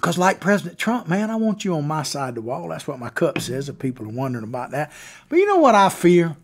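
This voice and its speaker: A man's voice: on the high side, big pitch swings, fast. A man hosting a political talk show, delivering opinionated commentary in a folksy, sarcastic way. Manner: folksy, sarcastic, mocking impressions.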